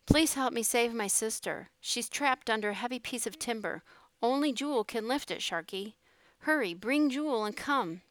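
A woman's voice: a little high, expressive, moderate pace, no room sound, voice pushed up, close to an everyday voice. A woman voicing a pleading, determined boy. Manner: pleading, coaxing. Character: determined young boy, the storyteller.

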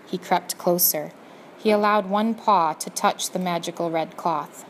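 Gently expressive woman reading a storybook. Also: on the low side, measured pace, slight background noise, low-quality recording. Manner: addresses the listener directly, gently expressive. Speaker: audiobook narrator. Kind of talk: storybook narration.

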